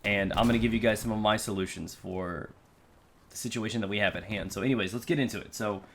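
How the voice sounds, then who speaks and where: A young man from the United States speaks earnestly to his viewers, telling a personal story in a loose, conversational flow full of fillers and restarts. His voice sits very low yet sounds bright and forceful. A faint hiss of noise runs underneath. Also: quick pace. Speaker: YouTube creator.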